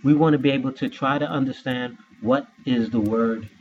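A man's voice: medium pitch, fairly even intonation, moderate pace. Man, scripture teacher, spells words out, asks questions; muffled, slightly noisy recording. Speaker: Bible teacher.

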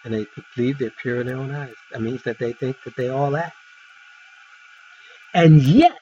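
A man's voice: very animated, normal speed, lo-fi sound, a little hiss or hum. A man preaching an informal sermon, emphatic and full of rhetorical questions and folksy asides. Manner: emphatic, wide swings in pitch and loudness, rhetorical questions.

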